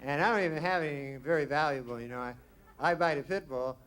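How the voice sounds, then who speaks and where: A man doing stand-up comedy with a deadpan, rambling delivery. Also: on the high side, fast. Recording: noisy live stand-up recording.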